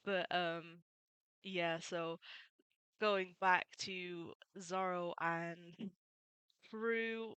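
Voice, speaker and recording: A chatty woman walks through a comic volume in a relaxed, casual way, laughing often as she goes. Her voice sits a little low but rings bright and smooth. It is recorded close and dry, with no room around it. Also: extremely slow, long pauses, dry recording. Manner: chatty, laughs often, quotes characters in passing. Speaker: manga reviewer. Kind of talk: casual chapter summary.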